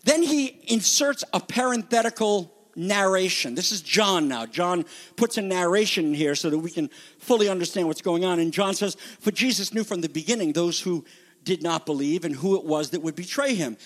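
A man preaching a sermon as pastor, moving from quiet, low scripture reading to loud, high emphatic declarations. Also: normal speed. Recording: long reverb of a hall.

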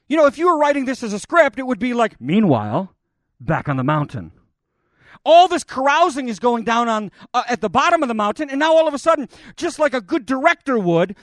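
Guy preaching, high voice that swoops all over, super dramatic, dry close sound. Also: no echo. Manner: dramatic, voices God and Moses in the retelling. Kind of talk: sermon.

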